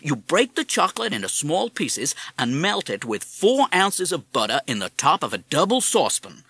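A man's voice: a little high, wildly swooping pitch, normal speed, pushed and bright, slightly rough, no echo, voice pushed up, heavily acted. A man voicing a chatty, polite male pet parrot with a folksy, courteous drawl in a storybook reading.

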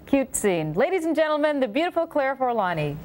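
A woman's voice: high-pitched, big pitch swings, brisk, darkish tone, a little hiss or hum. A woman hosting a morning TV talk show, playful and teasing, laughing often.

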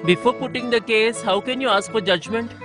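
An actress dubbing a teasing, amused middle-aged judge. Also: female voice, on the high side, fairly quick, natural voice. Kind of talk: film dubbing. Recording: film audio with loud music.

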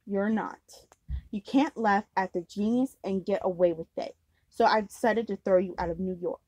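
A woman's voice: medium pitch, normal speed, warm tone, dry recording, close to an everyday voice. A woman voicing a cruel, menacing fairy queen in a storybook reading, scolding and mocking.

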